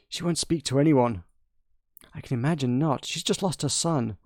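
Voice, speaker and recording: A man's voice: mid-range voice, moderate pace, no room sound, studio quality. A man hosting a casual gameplay commentary, chatty and amused, reading game lines aloud as he goes. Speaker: gameplay host. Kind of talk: casual let's-play commentary.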